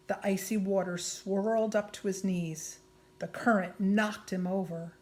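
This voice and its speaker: A woman reading a children's chapter book aloud. She reads slowly and deliberately and drops to a whisper at hushed moments. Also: medium pitch. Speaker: storybook reader.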